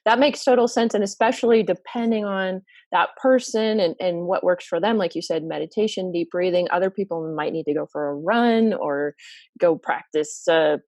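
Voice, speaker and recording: A woman's voice: fairly low pitch, moderate pace, darkish tone, dry recording. A woman hosting a live online interview, asking questions in a friendly, appreciative manner. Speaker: interview host.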